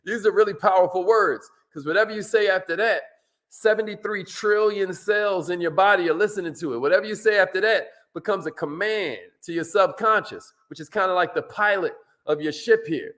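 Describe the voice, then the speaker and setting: A man hosting a live coaching stream. He is energetic and slangy, calls out viewers by name, and drops into low asides. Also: brisk.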